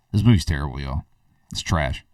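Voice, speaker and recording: A man's voice: rumbling low, darkish tone, dry recording, clean studio sound, recorded from a distance. A man hosting a podcast, giving a blunt, rambling movie review with lots of fillers and restarts. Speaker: film reviewer, podcast host. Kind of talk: casual spoken movie review.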